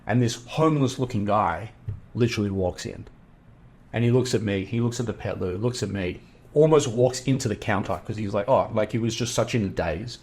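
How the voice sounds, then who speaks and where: A middle-aged Australian man sits in as a podcast guest and tells a long story in a casual, animated way. His voice sits fairly low, and he slips into the voices of the people he quotes. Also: moderate pace, vocal fry. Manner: animated, acts out quoted dialogue.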